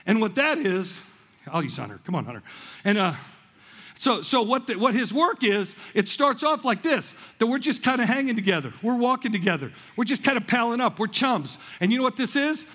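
A man with a high, husky voice preaches to his congregation, spinning animated stories and stumbling over repeated words as he builds his point. His voice rings out with a long reverb tail, as if recorded in a large church hall. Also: brisk. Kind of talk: energetic sermon with stories.

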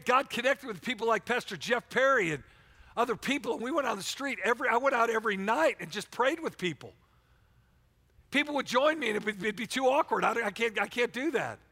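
Fervent high-voiced male pastor preaching. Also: pushed and bright, breathy edge. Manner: fervent, repetitive restarts, calls on listeners by name. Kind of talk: sermon. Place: church sanctuary.

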